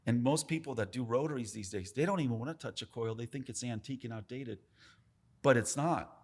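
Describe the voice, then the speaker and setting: A man's voice: mid-range voice, a little fast, darkish tone. A man, a tattoo artist, telling stories in a casual podcast chat, emphatic and full of swearing. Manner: profane, emphatic, talks with his hands about craft.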